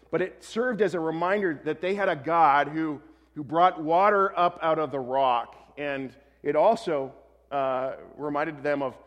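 Male pastor, slightly high voice, conversational sermon with reverb from a large hall. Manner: conversational, self-correcting, lightly humorous.

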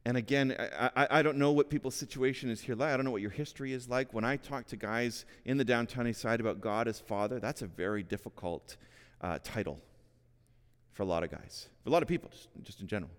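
A man's voice: mid-range voice, quick pace, smooth. A man in his forties preaching a sermon in a church hall, earnest and conversational, often repeating a word as he starts a phrase. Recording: long reverb of a hall.

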